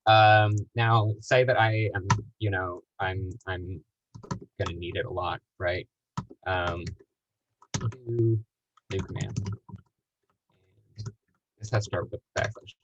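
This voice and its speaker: Low-voiced man teaching over a lo-fi call. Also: steady tone, slow pace, long pauses. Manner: rambling, self-deprecating, lots of fillers. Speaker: workshop instructor. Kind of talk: casual live tutorial. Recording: dull lo-fi call audio with faint noise.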